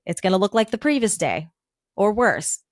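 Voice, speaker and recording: A woman's voice: mid-range voice, big pitch swings, moderate pace, no echo, studio quality. A woman career coach speaking as a podcast guest, telling her story in an earnest, reflective way with frequent "like". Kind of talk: casual podcast interview.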